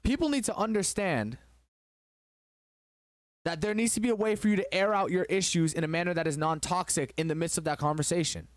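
A man's voice: sits high, fairly quick, dry recording, clean studio sound. A man hosting a relationship advice talk, telling a story in an emphatic, preachy way.

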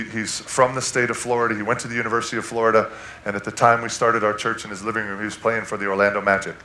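A man preaching a sermon, telling a personal story with animated swings from loud to hushed. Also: mid-range voice, reverberant. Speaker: guest preacher. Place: church sanctuary.

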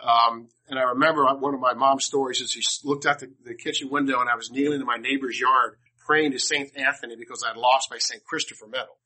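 A man's voice: medium pitch, fairly even intonation, fast, few pauses, sharp tone, breathy edge, poor audio. An older man from Washington, D.C., telling personal stories to a class in a rambling, humorous way, often restarting his sentences. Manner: rambling, self-interrupting, humorous. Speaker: speaker to a class. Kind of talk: personal storytelling talk.

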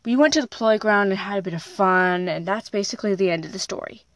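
A woman's voice: mid-range voice, quick pace, no echo. A woman hosting her own podcast, telling a personal story in a plain, unpolished way with occasional restarts. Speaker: podcast host.

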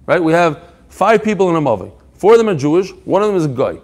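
A man giving a Talmud lesson with a high, lively voice that swings widely in pitch. He talks emphatically, reading out passages and explaining them in casual English. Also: quick pace. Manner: animated, emphatic, mixing Hebrew-Aramaic quotes with English explanation. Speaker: Talmud teacher. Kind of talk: Talmud class lecture.

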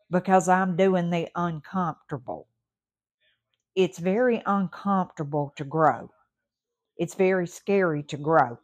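Southern woman with a folksy, emphatic podcast voice. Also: on the low side. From Mississippi Gulf Coast. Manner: warm, folksy, emphatic and repetitive. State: recovering from surgery, a little short-winded. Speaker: podcast host. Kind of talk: encouraging motivational podcast talk.

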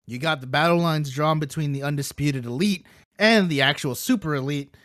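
A man hosting a podcast in casual chat, excitable, rambling and playfully brash, eating while he talks. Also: a little high, normal speed, no echo, clean studio sound. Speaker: podcast host.

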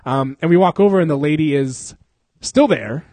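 A man's voice: fairly high pitch, normal speed, mellow, no echo. A man casually telling a story as podcast host, swearing freely, laughing often and acting out the people in it.

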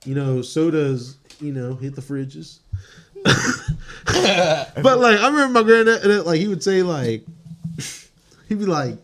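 A man's voice: on the high side, big pitch swings, takes it slowly, long pauses, fairly bright tone. Young man, podcast co-host, casual slang, rambling, lots of fillers.

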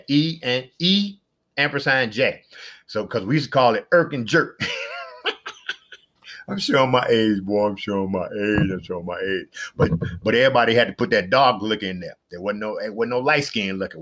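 A middle-aged man with a fairly low voice hosts a casual solo podcast at a moderate pace. He's chatty and rambling, repeats himself, and jumps up into excited exclamations.

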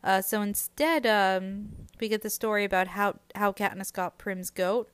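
A woman's voice: medium pitch, steady tone, unhurried, clear, resonant tone, no echo. A woman hosting a podcast, recapping a book in a chatty, conversational way.

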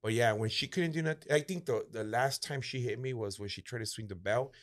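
A man's voice: mid-range voice, fairly quick. A middle-aged man with a Mexican American accent, co-hosting a casual podcast, telling stories with swearing and acted-out voices. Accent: Mexican American English with Spanish phrases. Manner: animated, acts out voices in quotes, swears freely. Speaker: podcast co-host. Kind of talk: casual storytelling chat.

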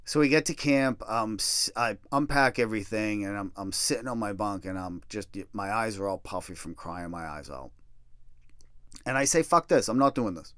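A man's voice: on the low side, normal speed, a bit bright, clean tone, no room sound, clean studio sound. A middle-aged man telling a personal story in a casual, profane, self-deprecating way.

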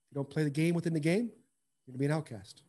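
A man with a voice pitched high for his sex tells stories in a loose, casual chat. He is blunt and emphatic, with slangy phrasing and words doubled up for stress. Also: racing, mellow. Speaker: former baseball player as guest.

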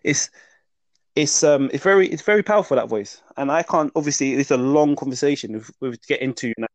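A man's voice: medium pitch, fast talker, dry recording. Man explaining, dry close sound. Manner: explanatory, checks in with "yeah?" and "does that make sense?". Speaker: mindset teacher. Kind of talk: interview explanation.

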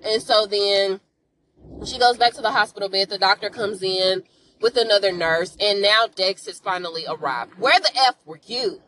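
A woman's voice: medium pitch, normal speed, a bit bright, slight background noise, rough recording. A woman hosting a podcast, recapping a TV episode in a chatty, sassy way and talking straight to her listeners. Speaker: podcast host.

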